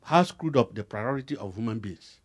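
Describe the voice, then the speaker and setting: A man with a Nigerian accent preaching a sermon, his voice swinging from low and quiet to loud emphatic bursts as he acts out dialogues. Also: animated, moderate pace. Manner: acts out back-and-forth dialogues while preaching.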